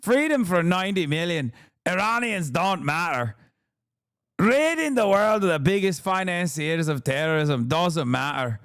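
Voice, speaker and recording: A man doing a mocking impression of an indignant middle-aged woman pundit, speaking slowly and drawing out every outraged phrase. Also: high-pitched, lively intonation, a bit bright, smooth, dry recording, clean studio sound, heavily acted. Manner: slow, drawn-out, outraged. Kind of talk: mocking impression during stream.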